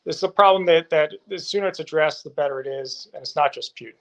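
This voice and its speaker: A man's voice: on the high side, quick pace. A male guest reporting from a war zone, answering interview questions firmly and assertively. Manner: firm, assertive, with occasional fillers.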